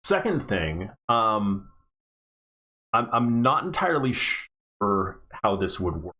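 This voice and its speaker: A low-voiced man talks slowly as a player in a tabletop game stream. He stops often to think between words, while his pitch swings around in a lively way. His phrasing is halting and full of ums. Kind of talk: tabletop game livestream chat.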